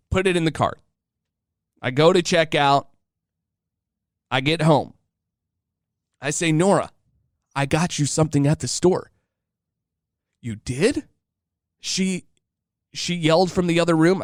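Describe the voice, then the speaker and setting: A man in his thirties spins a casual, joking story to his listeners, now and then slipping into voices. His voice is smooth and sits a little high for a man, recorded dry and close. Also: no room sound. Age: 30s. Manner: chatty and joking, acting out voices. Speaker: podcast host.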